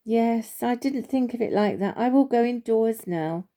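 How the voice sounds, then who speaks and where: A woman voicing a meek, sulky male house cat who talks slowly and a little higher. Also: lively intonation, dark tone.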